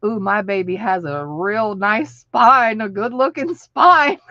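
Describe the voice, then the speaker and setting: A woman past thirty-five talks at an easy, unhurried pace in a casual live-stream chat. She keeps breaking into laughs and acts out the lines of the people in her stories. The audio is dull and lo-fi, and the sound is dry and close. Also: mid-range voice, lively intonation, sharp tone, no echo. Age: over 35. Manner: chatty, laughs often between sentences; tells stories by acting out what people said.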